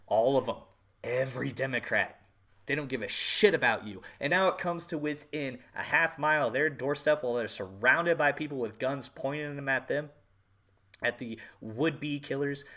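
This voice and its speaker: Forceful, angry ranting man. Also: medium pitch. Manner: angry, profane, emphatic repetition. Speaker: podcast host. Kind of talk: political rant.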